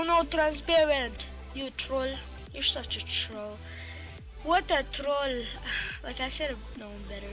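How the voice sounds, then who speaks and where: A woman hosting a casual tutorial, rambling and chatty, full of fillers, talking back to what she sees on screen. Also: a little high. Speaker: tutorial host. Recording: music playing under the voice. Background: background music.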